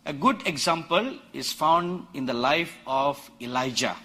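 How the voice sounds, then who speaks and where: A man preaching a sermon to a conference crowd, quoting scripture dramatically and rising to emphatic shouts. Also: a little high, lively intonation, measured pace. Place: large conference hall.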